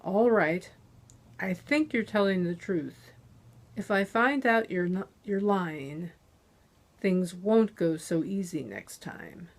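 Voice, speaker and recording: A woman's voice: lowish voice, expressive, takes it slowly, exaggerated voice. Woman reading as cold male interrogator. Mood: menacing. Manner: clipped, demanding questions.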